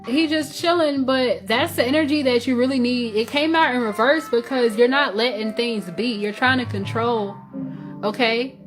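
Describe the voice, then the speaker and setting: Southern woman, slightly high voice, casual tarot reader, rambling with fillers, music under the voice. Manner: loose, conversational, many fillers and restarts.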